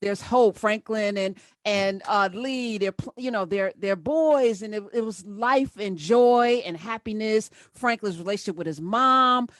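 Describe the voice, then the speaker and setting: A woman's voice: medium pitch, measured pace, hardly any pauses, fairly bright tone, no room sound, clean studio sound. A woman hosting an interview, chatty and enthusiastic. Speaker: radio show host.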